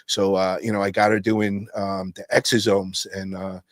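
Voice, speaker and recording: Podcast host: man, lowish voice, slangy and profane storyteller, dry close mic. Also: flat delivery, moderate pace, dry recording. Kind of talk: casual podcast chat.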